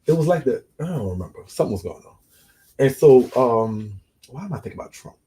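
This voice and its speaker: A man's voice: mid-range voice, sing-song, brisk, dark tone. A man casually telling a story from his own life in a rambling, digressive, slangy way. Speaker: storyteller recounting his own prison experiences.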